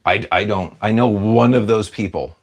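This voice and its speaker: A slightly rough, lowish male voice at a moderate pace answers viewer comments on a livestream. He reads each one out and rambles through his replies, self-deprecating and prone to wandering off mid-sentence.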